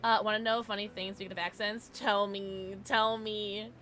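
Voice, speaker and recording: A woman's voice: medium pitch, little pitch movement, moderate pace, sharp tone, soft background music. A young woman streaming a game, chatty and giggly, chatting with her viewers and sometimes trying on silly accents. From Southern US. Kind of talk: live gameplay commentary.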